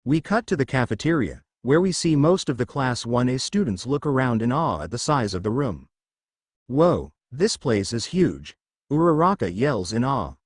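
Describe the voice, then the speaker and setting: A man narrating a fan-written story in a lively, expressive reading voice. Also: medium pitch, fairly quick, hardly any pauses, dry recording, studio quality. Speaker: fanfiction narrator.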